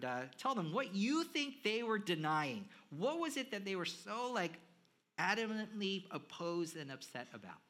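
Bright-voiced, animated male preacher. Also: on the high side. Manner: animated, swinging between hushed and emphatic; conversational, with fillers, addresses the audience. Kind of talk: sermon.

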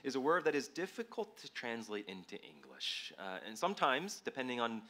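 A man preaching a sermon to a congregation in a relaxed, joking way, reading scripture and praying in a quieter tone. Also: medium pitch, brisk. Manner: casual, joking, with fillers, drops to a quiet tone in prayer.

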